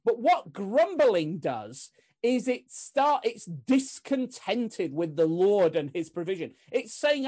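A woman's voice: mid-range voice, very animated, takes it slowly, a little mellow, slightly rough. A woman preaching a Bible sermon in a conversational, earnest way, asking rhetorical questions and often restarting her sentences.

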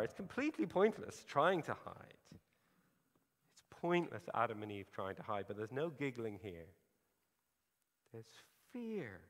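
A man preaching a sermon, earnest and emphatic, pausing for effect. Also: a little high, a bit bright. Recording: hall reverb.

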